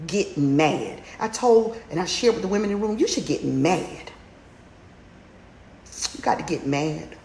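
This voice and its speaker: A woman with a slightly low voice coaches listeners through a women's challenge, driving home her points with fiery repetition. She climbs into near-shouts as she urges them on. The sound is roomy and echoey, with a faint hum of background noise. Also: expressive, measured pace, long pauses. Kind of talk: motivational livestream talk.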